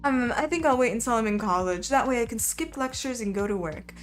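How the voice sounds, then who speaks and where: Young woman streaming a dating game, highish voice, wry casual comments, soft music under it. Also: lively intonation, brisk. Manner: casual, wry asides and laughter. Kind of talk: reading a visual novel aloud with commentary. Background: faint background music.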